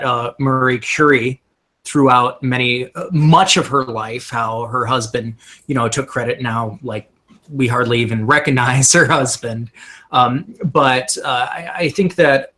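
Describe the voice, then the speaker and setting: A man's voice: mid-range voice, a bit bright. A man talking casually as a guest on a film review livestream, thoughtful and full of hesitant fillers.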